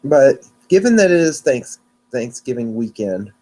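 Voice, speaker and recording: A man's voice: mid-range voice, very animated, unhurried, dark tone. A man hosting a weather podcast on his own, talking casually and rambling, often restarting and correcting himself, a little sleepy. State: yawning, sleepy. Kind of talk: casual solo podcast talk.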